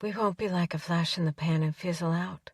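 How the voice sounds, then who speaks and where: A woman narrator voicing a passionate young woman, speaking softly and breathlessly. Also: lowish voice, steady tone, a little fast, slightly rough, dry recording, clean studio sound, recorded from a distance. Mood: intimate.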